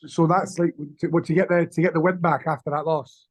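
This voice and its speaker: Man, amateur fighter guest, rapid monotone delivery, profane and rambling. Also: on the high side, rough recording. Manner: fast, swearing, slangy, rambling. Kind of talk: casual interview chat.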